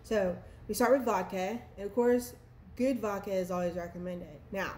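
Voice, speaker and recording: A chatty woman talks casually and teases herself as she demonstrates a drink. Her voice sits at an ordinary middle pitch. The room is echoey, with a faint hum of ambience behind her. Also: fairly even intonation, normal speed, a little mellow. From Texas. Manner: chatty, playful, laughs at herself. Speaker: vlogger. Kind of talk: casual cocktail how-to vlog.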